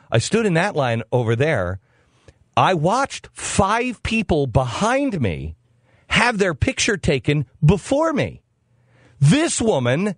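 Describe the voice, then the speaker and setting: Male talk host, comic monologue; sarcastic, exasperated, lively pitch. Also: measured pace, dry recording, studio quality. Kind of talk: comedic storytelling monologue.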